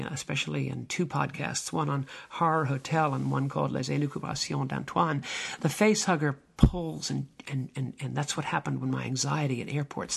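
Gravelly older man musing on faith. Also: a little high, fairly bright tone. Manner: meandering, with many fillers and restarts. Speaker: podcast host, minister. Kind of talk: reflective spiritual monologue.

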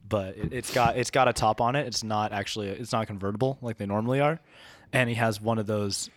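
A man's voice: fairly low pitch, fairly even intonation, a little fast. A man running a comedy improv role-play as game master, rambling and laughing, with many restarts.

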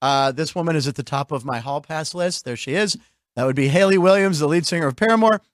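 A male show host talks sports in loose, joking banter, breaking into laughs as he goes. His voice sits high for a man and sounds dry, with no room around it. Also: fast talker, dry recording. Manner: chatty, jokey, laughs often.

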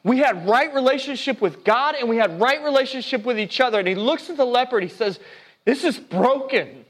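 A male pastor giving a sermon, preaching earnestly, swinging between hushed and emphatic, often stopping and restarting mid-phrase. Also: extremely high pitch, lively intonation, quick pace.

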